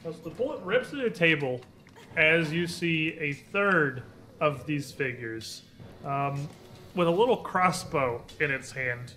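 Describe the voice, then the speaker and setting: A man narrating a tabletop game as game master, describing scenes in a halting way with fillers. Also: on the high side, expressive, pushed and bright, soft background music.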